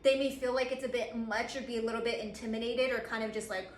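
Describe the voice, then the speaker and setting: A high-voiced woman gives an excited, chatty oracle card reading, breaking into laughter and playing out other people's reactions. The room around her rings with echo, and a faint hiss sits under her voice. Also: quick pace. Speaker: tarot reader.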